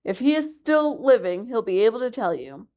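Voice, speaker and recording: A woman voicing a rude, lazy old male walrus who talks gruffly and dismissively. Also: on the high side, very animated, normal speed, mellow, highs cut off, voice pushed up.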